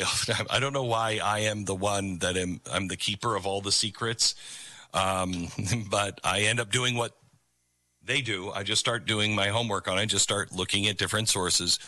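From a studio on a ranch, a talk radio host with a lowish, bright, forceful voice delivers a monologue at normal speed that includes a read ad. He's conversational, with many fillers and restarts, and mocks others with sarcastic quotes. There's no room sound.

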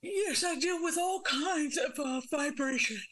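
Someone putting on a muffled, high, coy mystery psychic. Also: a little slow, fairly bright tone. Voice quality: muffled, distorted-sounding voice. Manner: evasive, coy answers.

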